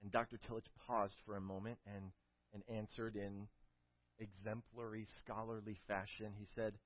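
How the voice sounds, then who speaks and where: A man preaching a sermon, telling a story with emphatic build-ups and closing in a quiet prayer, on a dull lo-fi recording. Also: fairly low pitch, flat delivery, moderate pace, dry recording. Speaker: pastor.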